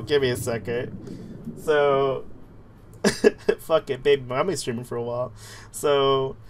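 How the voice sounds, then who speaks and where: A game streamer chatting casually and jokily with viewers, often breaking into giggles. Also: medium pitch. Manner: giggly, jokey, thanks followers. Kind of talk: casual live-stream chat.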